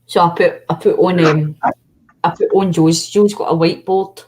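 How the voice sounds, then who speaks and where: A woman's voice: on the low side, fairly even intonation, moderate pace, a little mellow. A woman with a Scottish accent chatting casually, telling fond family stories and imitating the people in them. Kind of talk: casual chat.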